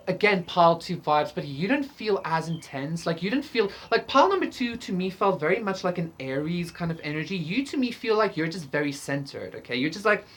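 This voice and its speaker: A woman's voice: fairly low pitch, very animated, a little fast, hardly any pauses. A woman giving a casual pick-a-card tarot reading, rambling with lots of fillers and swearing freely. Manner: rambling, profane, lots of fillers, laughs often. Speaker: tarot reader.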